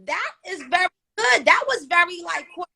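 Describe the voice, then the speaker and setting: Bright-voiced chatty New York woman. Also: very high voice, moderate pace, creaky. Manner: chatty, animated, lots of fillers. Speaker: live stream host. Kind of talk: casual live stream chat.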